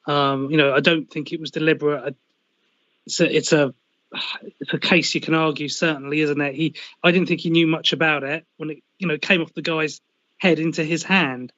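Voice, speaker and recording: Halting man on a dull dry line. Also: fairly high pitch, steady tone, fairly bright tone, no echo. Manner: halting, restarts, many "you know"s. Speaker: pundit on fan radio show. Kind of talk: casual match analysis.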